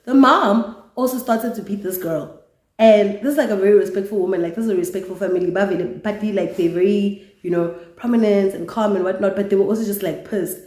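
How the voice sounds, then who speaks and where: A woman's voice: mid-range voice, fast. South African young woman, roomy storytime vlog. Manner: lively, candid storytelling with swearing and laughter. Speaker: YouTuber. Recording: roomy echo.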